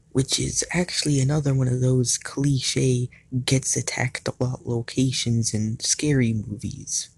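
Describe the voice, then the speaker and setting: A man's voice: medium pitch, gravelly, slightly rough, dry recording. A man narrating a recap of a cartoon series as a YouTube reviewer, playful, with jokey asides to the viewer. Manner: grows louder and more animated in the climax.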